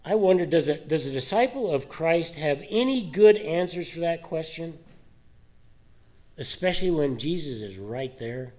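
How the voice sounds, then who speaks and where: A man's voice: fairly high pitch, expressive, moderate pace, a little mellow. Man preaching in a conversational way. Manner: conversational, asks many rhetorical questions. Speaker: pastor. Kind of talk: sermon.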